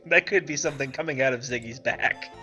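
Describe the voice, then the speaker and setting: A man's voice: medium pitch, brisk, pushed and bright, faint music behind. A man co-hosting a let's play, chatting wryly and explaining the game with frequent fillers and restarts. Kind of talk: casual gameplay commentary.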